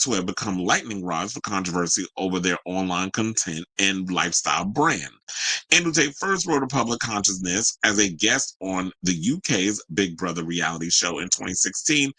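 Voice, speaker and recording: A man's voice: fairly low pitch, sharp tone, husky, dry recording, poor audio. A man hosting a celebrity news show, reading stories and breaking off into loose, sarcastic, joking asides in casual slang.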